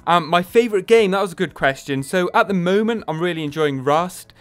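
A man's voice: sits high, lively intonation, fairly quick, clear, resonant tone. A man in his twenties from the UK, a gaming YouTuber answering viewer questions in a chatty, self-deprecating, rambling way. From United Kingdom. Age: 20s. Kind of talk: casual Q&A monologue.

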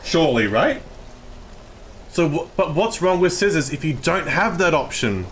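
A man with an Australian accent, live-streaming and excitedly arguing with his chat, swearing often. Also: fairly high pitch, moderate pace, slight background noise.

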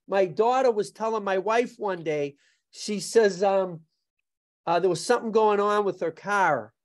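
A martial arts instructor guesting on a podcast tells joking stories in casual chat, struggling to pronounce his R sounds. His voice is high-pitched and his pace measured.

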